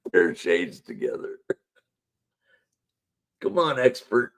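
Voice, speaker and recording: A man's voice: low-pitched, huge pitch swings, slow pace, creaky. A man hosting a casual live-stream panel show, laid-back and chuckling as he coaxes guests to join. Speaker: livestream show host.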